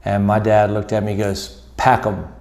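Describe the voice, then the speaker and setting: A middle-aged man with a lowish voice tells a personal story straight to camera. He speaks earnestly and reflectively, slowing down with deliberate pauses. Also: monotone, dark tone. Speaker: motivational speaker.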